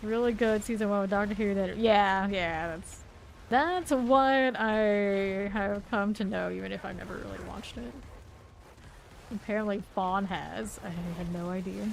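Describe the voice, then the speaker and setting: Gravelly woman with a light Southern accent. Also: mid-range voice, a little slow, slight background noise. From Florida. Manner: chatty, laid-back, answers chat while playing. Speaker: game streamer. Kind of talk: casual chat while playing a game.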